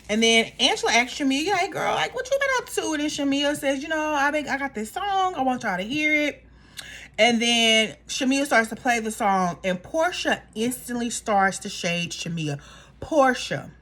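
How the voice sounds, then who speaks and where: A woman casually recapping a reality show in a gossipy, animated way, acting out the cast members' lines. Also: on the high side.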